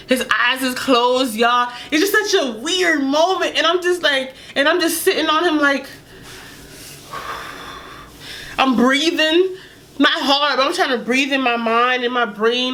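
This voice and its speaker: A young woman tells a storytime vlog in a candid, animated way. Her voice sits a little high. A faint room ambience hangs behind her. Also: measured pace, a little hiss or hum. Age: young adult. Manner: candid, animated, laughs and whispers at moments. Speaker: vlogger.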